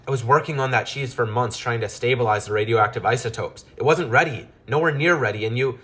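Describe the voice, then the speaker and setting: A man's voice: medium pitch, a little fast, fairly bright tone, close to an everyday voice. A man voicing an exasperated male mad-scientist mouse who grumbles and scolds wearily in a storybook tale.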